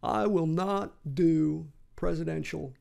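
Impressionist, male, slightly high voice, switching impressions fast. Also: creaky, mellow. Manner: quick-switching celebrity impressions. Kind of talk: comedy impression sketch.

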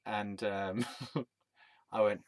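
A man's voice: fairly low pitch, fairly even intonation, drawn-out words, dry recording. A young man telling a rambling personal story, laughing at himself often. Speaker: vlogger. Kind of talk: casual storytelling.

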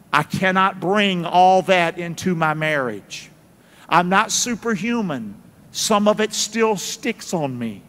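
A man's voice: fairly high pitch, fairly bright tone, long reverb tail. A middle-aged man, a pastor, preaching a sermon and calling on the congregation to answer him, repeating key phrases. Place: large church sanctuary.

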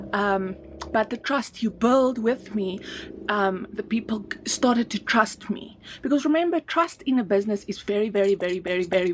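A South African woman is live-streaming a sales pitch for her online business. She speaks emphatically, repeating words again and again, and sounds a little out of breath, with slight background noise behind her.

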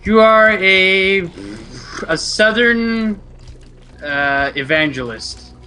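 Slow, very bright male joker. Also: high voice, faint music behind. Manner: dry, teasing. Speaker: co-commentator. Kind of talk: casual gameplay chat.

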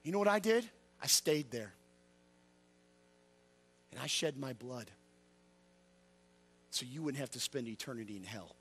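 Animated evangelist man preaching. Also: a little slow, long pauses, husky. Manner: call-and-response with the congregation; swings from loud high exclamations to low quiet asides. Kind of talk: revival sermon. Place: church.

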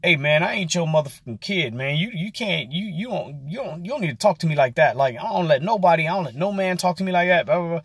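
A man's voice: a little high, animated, fast talker, few pauses, husky, no echo, studio quality. A man voicing a tough male grill cook who talks back bluntly to his boss. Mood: defiant. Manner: blunt, streetwise, swearing.

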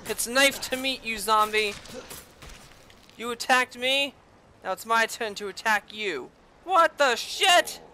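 A woman giving casual gameplay commentary as a let's-play host, sarcastic and profane, with loud outbursts and taunts. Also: fairly high pitch, slow pace, long pauses, a little hiss or hum.

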